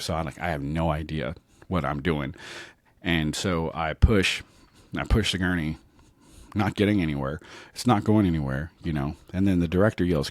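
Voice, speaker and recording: In a low voice on a dry recording, a New Orleans man in his thirties hosts a podcast, telling stories from his own life loosely, with many fillers and frequent restarts.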